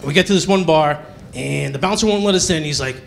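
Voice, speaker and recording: A male stand-up comedian telling a story on a comedy club stage in an animated way, acting out the characters. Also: fairly high pitch, a little fast, vocal fry, slight background noise.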